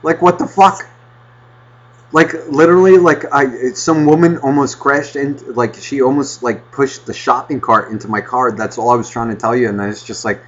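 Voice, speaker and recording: A man's voice: medium pitch, normal speed. Ranting podcast man, lo-fi sound. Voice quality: loud, animated ranting with mocking impressions. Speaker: podcast co-host. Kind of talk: casual podcast banter.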